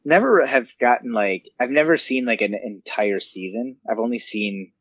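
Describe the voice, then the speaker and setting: A man co-hosting a podcast in casual chat, easygoing and quick with short agreeing replies. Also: mid-range voice, no room sound, lo-fi sound. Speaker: podcast co-host.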